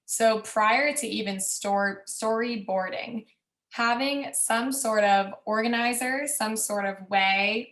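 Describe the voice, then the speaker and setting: A woman teacher talks through what she learned from a class project. She speaks casually, with ums and quick bursts. Her voice is mid-pitched and rings in a reverberant room. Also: a bit bright. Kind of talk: reflective presentation. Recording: echoey room.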